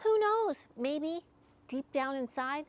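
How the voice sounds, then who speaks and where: A woman's voice: sits high, animated, slow pace. A woman in her sixties talking to camera about her workouts in a chatty, candid, self-deprecating way. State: out of breath after swimming. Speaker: fitness vlogger. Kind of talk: casual talk to camera.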